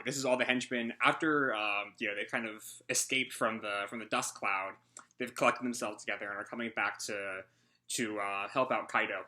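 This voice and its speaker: A man's voice: lowish voice, fairly even intonation, moderate pace, sharp tone. A man hosting a casual live reaction, out of breath and rambling through a hesitant recap. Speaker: manga reaction host.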